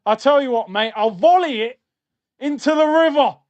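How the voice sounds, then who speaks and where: A man's voice: very high voice, lively intonation, moderate pace, a little mellow, dull audio. A young adult man hosting a live football watchalong stream, reacting to the match and reading out chat messages in an exasperated, slangy rant.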